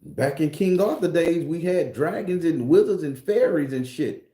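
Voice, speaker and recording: A man's voice: a little high, expressive, normal speed, dark tone. A man ranting casually to his viewers as a spiritual vlogger, profane, rambling and preachy. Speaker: spiritual tarot reader vlogger. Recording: roomy echo.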